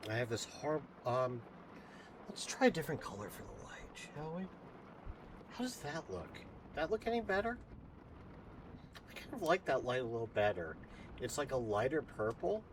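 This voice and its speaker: A man streaming himself reading a novel aloud, speaking softly to his chat. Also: mid-range voice, sing-song, normal speed, pauses often, noisy background. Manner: softly spoken.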